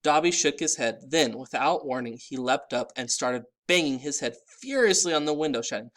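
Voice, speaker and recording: A man reading a children's story aloud with expressive narration. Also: medium pitch, normal speed, few pauses.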